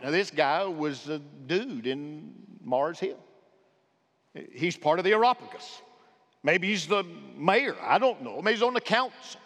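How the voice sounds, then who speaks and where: High-voiced preacher in a reverberant church. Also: male voice. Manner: impassioned preaching with shifting loud and hushed delivery. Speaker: pastor. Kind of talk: sermon. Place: church sanctuary.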